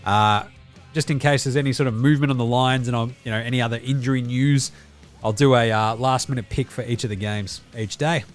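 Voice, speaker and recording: A man's voice: mid-range voice, fairly even intonation, brisk, faint music behind. A man with an Australian accent hosting a sports podcast in a chatty, slangy, upbeat way. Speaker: podcast host. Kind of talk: casual sports podcast talk.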